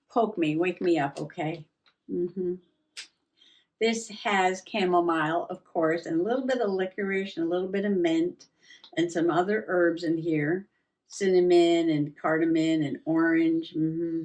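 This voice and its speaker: A woman hosting a relaxed, chatty journaling vlog at her craft table, musing aloud with soft laughs. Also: lowish voice. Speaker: journaling vlogger. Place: home craft table indoors. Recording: voice a little distant from mic.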